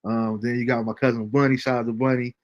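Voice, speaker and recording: A man hosting a casual livestream show, reading out viewer comments with a relaxed, chuckling manner. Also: mid-range voice, fast, dull audio. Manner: laid-back, chuckling often, fillers like um. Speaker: host.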